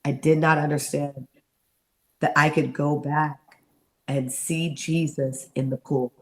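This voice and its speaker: Low, gravelly-voiced woman telling her story. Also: takes it slowly. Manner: animated storytelling, acts out quoted voices. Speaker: interview guest, therapist. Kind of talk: storytelling interview.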